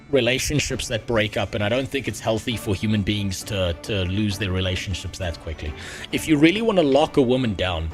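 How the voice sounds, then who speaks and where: Rambling crude male game streamer. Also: medium pitch. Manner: rambling, crude, jokey, with frequent restarts. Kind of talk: casual gaming stream chat.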